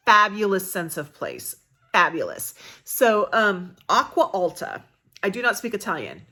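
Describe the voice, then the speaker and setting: A woman's voice: on the low side, fairly bright tone. An American woman reviewing books in casual, chatty talk, thinking aloud with plenty of fillers and restarts. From United States. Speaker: book vlogger. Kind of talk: casual book review chat.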